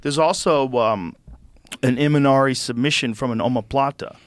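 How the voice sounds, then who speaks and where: A male podcast host talking casually in a studio with a close mic and a dry sound, no room echo. He explains with animated enthusiasm and swears freely. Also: medium pitch, moderate pace. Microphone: studio microphone.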